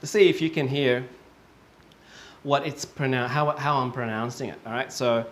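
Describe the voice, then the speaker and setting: A man teaching English, speaking slowly and patiently, repeating example words several times and checking in with "okay?" often. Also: medium pitch, fairly even intonation, a bit bright, slight background noise. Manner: slow and patient, with many fillers and checks of "okay?". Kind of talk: online lesson.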